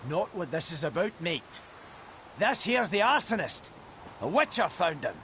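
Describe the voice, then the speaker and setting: A lively, blunt village blacksmith. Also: male voice, high-pitched, unhurried, slight background noise, full character voice. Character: aggrieved middle-aged male village blacksmith. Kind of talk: video game dialogue.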